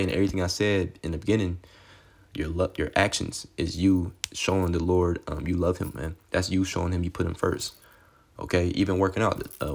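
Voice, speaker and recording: Low-voiced young man preaching profanely. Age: young adult. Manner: rambling and profane, tagging lines with "man" and "okay". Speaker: street preacher. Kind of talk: informal Bible teaching.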